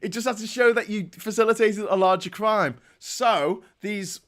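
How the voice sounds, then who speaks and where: A man's voice: high-pitched, moderate pace, fairly bright tone. A man hosting a morning show, chatting in a mocking, casual way and often breaking into laughter. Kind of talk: casual satirical commentary.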